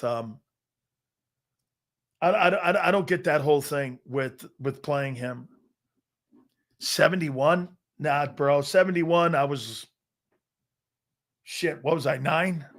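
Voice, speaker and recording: A man's voice: fairly high pitch, takes it slowly, pauses often, fairly bright tone. Boastful, profane middle-aged male show host. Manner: boastful, profane, laughs often. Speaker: sports talk show host. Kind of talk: casual storytelling chat.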